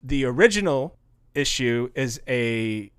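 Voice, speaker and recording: A man's voice: mid-range voice, expressive, slow pace, fairly bright tone, clean tone, dry recording, clean studio sound. A man co-hosting a podcast, casually walking through dates and match results and laughing often. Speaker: podcast co-host. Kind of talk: casual podcast chat recounting history.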